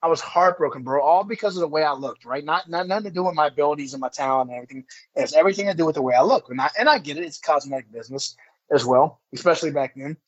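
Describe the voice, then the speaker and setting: A man's voice: a little high, animated, racing. A man in his forties, a former pro wrestler, casually telling a story as a guest, swearing and saying "bro" a lot. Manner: profane, rambling, says "bro" a lot. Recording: dull lo-fi audio.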